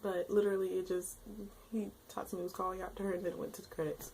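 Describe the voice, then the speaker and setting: A woman's voice: mid-range voice, fairly even intonation, fast, darkish tone, slight background noise, poor audio. A young woman recapping an episode in a casual vlog, rambling and emotional, with frequent exclamations. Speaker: anime reviewer.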